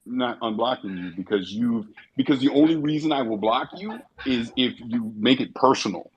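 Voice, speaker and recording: A man on an audio call talking in an emphatic, animated way, telling stories and quoting others. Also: medium pitch, moderate pace, dull audio, slight background noise. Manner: emphatic, animated storytelling with quoted voices. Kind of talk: casual chat.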